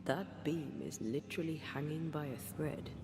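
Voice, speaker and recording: A man's voice: a little high, moderate pace, natural voice. An actor playing a wry adult male ghost hunter in a video game, making dry, sardonic remarks over hissy game audio.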